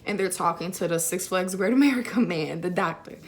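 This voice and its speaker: A woman's voice: lowish voice, a little fast. A young woman vlogger casually telling a personal story to camera, filling her talk with "like" and "you know.". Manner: chatty, many fillers like "like" and "you know".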